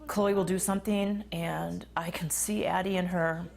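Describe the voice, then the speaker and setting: A woman's voice: on the low side, steady tone, normal speed, creaky, a little mellow. A middle-aged grandmother in a news interview, speaking with grief and emotion. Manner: grieving, emotional.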